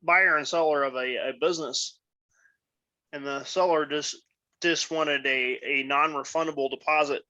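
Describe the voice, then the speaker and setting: A man's voice: a little high, steady tone, normal speed, pushed and bright, muffled recording. A man on a group video call who chats in an upbeat, joking way. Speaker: group member. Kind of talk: casual video-call chat.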